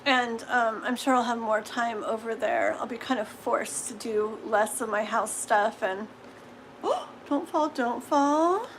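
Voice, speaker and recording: Middle-aged woman, livestream tarot host, chatty and gushing with frequent laughs; high voice, unhurried delivery. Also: little pitch movement, fairly bright tone, slight background noise, rough recording. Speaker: tarot reader hosting a livestream. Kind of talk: casual livestream chat.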